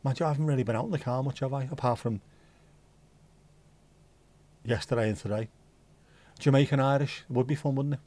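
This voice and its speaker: A man's voice: mid-range voice, fairly quick, pauses often, warm tone. A man hosting a livestream, chatting casually and reading out viewer comments in a rambling way, with the odd swear. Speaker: livestream host.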